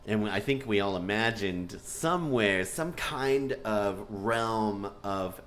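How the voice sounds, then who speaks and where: A man talking through a fantasy episode breakdown, animated and excitable, and he laughs often. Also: fairly low pitch, slow pace, slight background noise. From Texas. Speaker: show reviewer.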